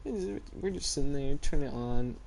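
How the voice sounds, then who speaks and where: A man's voice: mid-range voice, animated, a little fast, a little mellow, slight background noise. A teenage boy chatting casually and rambling as he tells stories in a vlog. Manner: rambling, laid-back storytelling. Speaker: vlogger. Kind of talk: casual chat.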